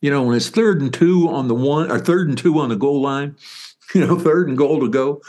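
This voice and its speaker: An older man, a former football player and author, telling stories in an interview with animated, rambling enthusiasm. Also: mid-range voice, moderate pace. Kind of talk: interview storytelling.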